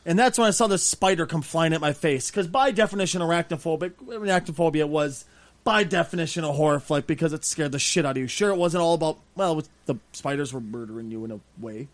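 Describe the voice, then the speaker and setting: A man hosting a podcast, telling a story in loud, animated, profane banter. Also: a little high, fast talker. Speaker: podcast host.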